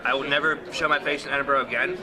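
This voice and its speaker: A man's voice: mid-range voice, steady tone, racing. A young man at a bar food challenge, talking casually in an exhausted, rambling way with lots of fillers. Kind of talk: casual chat. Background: loud crowd.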